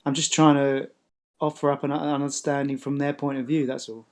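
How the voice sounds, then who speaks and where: A man's voice: medium pitch, flat delivery, a little fast, darkish tone. A man calling into a debate, hesitant and conciliatory, often stumbling over his words. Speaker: caller. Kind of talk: casual debate call.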